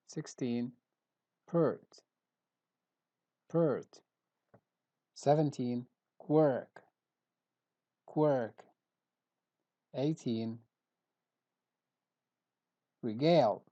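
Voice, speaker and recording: A man's voice: mid-range voice, dark tone. A middle-aged man teaching English vocabulary, carefully repeating each word to show the stressed syllable. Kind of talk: pronunciation lesson. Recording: dull lo-fi recording.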